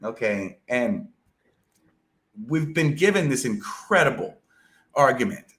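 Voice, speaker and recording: A man's voice: medium pitch, very animated, slow, fairly bright tone. A man talking in a casual podcast chat, rambling with many fillers and restarts, loose and a little profane. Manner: rambling, filler-heavy, lots of "like" and "you know". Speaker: podcast guest discussing an epic poem.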